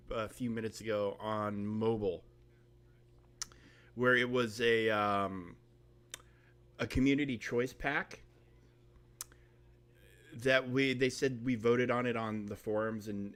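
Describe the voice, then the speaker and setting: A man's voice: medium pitch, fairly bright tone. A man hosting a live game stream, chatting casually and rambling with lots of fillers. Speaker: streamer host.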